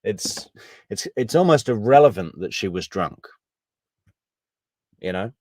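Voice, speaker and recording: Low-voiced man, dry analytical commentary. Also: lively intonation, darkish tone, no echo. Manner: measured, thinking aloud, wry asides. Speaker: true crime commentator.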